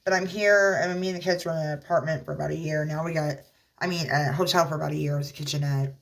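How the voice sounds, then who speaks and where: A woman, a mother, talking casually to her viewers in a rambling, halting way with lots of fillers, earnestly offering religious encouragement. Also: low voice, fairly even intonation, vocal fry. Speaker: vlogger. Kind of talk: casual talk to camera.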